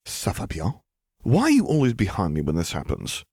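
A sharp-tongued young French witch, expecting a child, who murmurs her reproaches with a teasing bite, as a man reads her in an audiobook. Her voice stays deep and close, with no room sound around it. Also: huge pitch swings, normal speed, vocal fry, slightly rough, dry recording, exaggerated voice. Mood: teasing, cross. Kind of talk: audiobook character reading.

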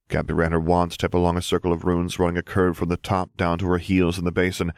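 A man reading a fan fiction story aloud as an audiobook narrator, steady and measured. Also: low voice, no room sound, clean studio sound.

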